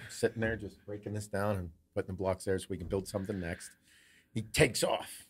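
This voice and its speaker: A man co-hosting a podcast, telling a lively family story with lots of swearing and laughter. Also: lowish voice, fairly quick, husky. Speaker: podcast co-host. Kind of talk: casual storytelling.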